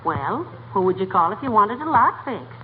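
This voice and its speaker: A woman's voice: medium pitch, sing-song, moderate pace, slight background noise, lightly acted. An actress playing a patient, dry-witted wife in a 1940s radio comedy, teasing her husband. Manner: dry and teasing, calls him dearie. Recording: tinny 1940s radio broadcast.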